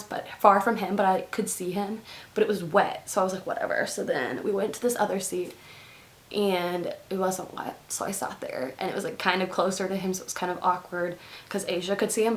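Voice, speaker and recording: A young woman from Texas rambles through a story for her vlog, dropping "like" into nearly every phrase. Her pitch sits in an ordinary middle range for a woman, and her delivery is loose and conversational. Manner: chatty, heavy use of "like" fillers. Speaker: vlogger. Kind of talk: casual storytelling to camera.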